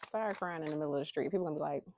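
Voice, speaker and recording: A woman with a low, gravelly voice speaks straight into a close phone camera. She talks casually and from the heart about spiritual things, candid and sometimes pleading with emphasis. Faint noise sits under the recording. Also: rapid-fire, darkish tone. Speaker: spiritual vlogger drawing inspiration cards. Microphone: phone camera held close.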